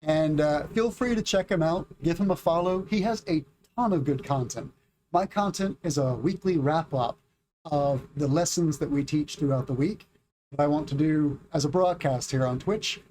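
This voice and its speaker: A man from the United States, middle-aged, teaching a casual English lesson on a livestream, reading chat and drilling pronunciation slowly and clearly. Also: on the high side, dark tone.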